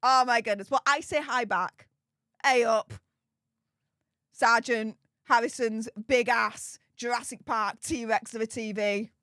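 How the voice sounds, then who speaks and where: A woman's voice: on the high side, steady tone, a little slow, a bit bright, dry recording, studio quality. A woman hosting a live stream, reading out super chats and thanking viewers over and over in a bubbly way. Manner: bubbly, repeats thanks many times.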